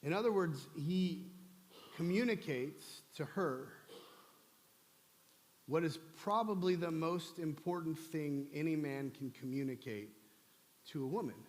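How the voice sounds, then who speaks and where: Male pastor, conversational humorous sermon, slightly high voice, reverberant sanctuary. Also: a little slow, long pauses. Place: church sanctuary. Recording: long church hall reverb.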